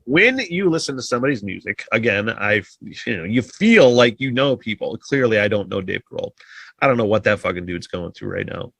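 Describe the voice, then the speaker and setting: A man's voice: lowish voice, sing-song, brisk, a bit bright, no room sound. Sighing, swearing man on a podcast. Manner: rambling, heavy swearing, frequent sighs. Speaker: podcast host. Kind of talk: casual solo podcast monologue.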